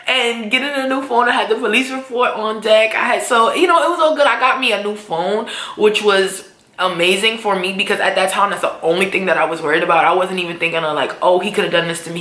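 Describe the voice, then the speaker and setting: A young woman telling a casual storytime vlog, slangy and animated, often jumping into high voices to act out what people said. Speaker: vlogger. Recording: echoey room.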